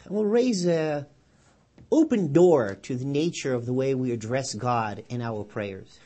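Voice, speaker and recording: Animated, husky-voiced rabbi giving a sermon. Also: male voice, a little slow. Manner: animated storyteller, loud and high when quoting; quiet and low when drawing the lesson. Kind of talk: Torah portion sermon with storytelling.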